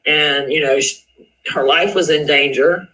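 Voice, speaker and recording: Bright-voiced man hosting a live stream. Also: a little high, measured pace, poor audio. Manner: reads screenshots aloud, repeats questions for emphasis. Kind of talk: casual commentary on social media drama.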